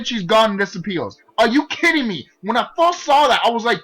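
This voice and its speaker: Man, high pitch, sharp bright tone, profane ranting, gaming commentary. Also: lively intonation, moderate pace, few pauses, rough recording. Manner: exasperated, profane, restarts a lot. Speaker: gaming video creator.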